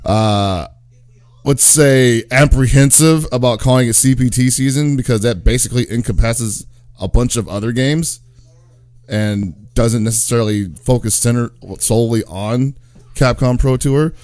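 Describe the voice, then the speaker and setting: A man's voice: mid-range voice, a little slow, a little mellow, dry recording. Rambling man on a gaming podcast. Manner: rambling, laughs often, trails into asides. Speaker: podcast co-host. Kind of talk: casual gaming podcast chat.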